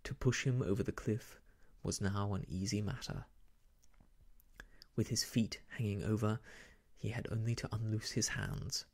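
A man reading an old novel aloud as soft ASMR narration, hushed and half-whispered, close to the microphone. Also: fairly low pitch, steady tone, unhurried, creaky. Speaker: storyteller.

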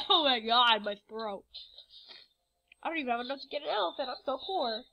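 A woman's voice: high-pitched, expressive, normal speed, sharp tone, rough recording. A teenage girl chatting casually over a game recording, rambling with lots of fillers. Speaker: game vlogger. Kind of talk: casual chat with screen recording.

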